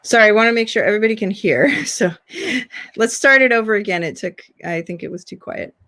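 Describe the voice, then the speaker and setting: A woman giving an informal online lesson over a video call, chatty and quick to laugh between points. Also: mid-range voice, animated, a bit bright. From United States. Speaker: online seminar presenter. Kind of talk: informal teaching talk.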